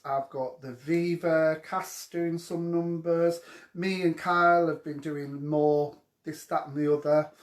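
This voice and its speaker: A man hosting a casual live question-and-answer show from home, with cheeky, gossipy banter aimed at his viewers. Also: fairly high pitch. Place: at home during lockdown. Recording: echoey room.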